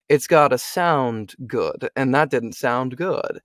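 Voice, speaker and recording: A young American man talks shop as a voice actor in a relaxed interview. He chats loosely, checks in with the listener over and over, and sits close in a dry, dead-sounding space at an ordinary middle pitch. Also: slow pace, few pauses, no echo. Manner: chatty, asks "you know what I mean?" a lot. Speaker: voice actor and audiobook narrator. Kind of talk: casual interview chat.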